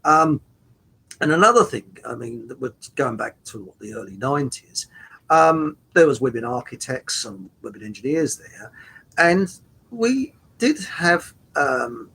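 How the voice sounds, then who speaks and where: An older man, telling rambling workplace anecdotes in casual chat, halting with fillers and chuckling as he goes. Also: medium pitch, big pitch swings, creaky, sharp tone, slightly rough. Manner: chuckles through his stories.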